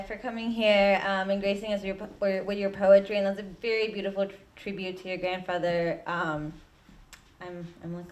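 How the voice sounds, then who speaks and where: A woman hosting an open mic, thanking poets in a halting way before she reads her own piece. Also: mid-range voice. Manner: halting, many fillers and restarts. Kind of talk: hosting and poetry reading. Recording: distant mic in a room.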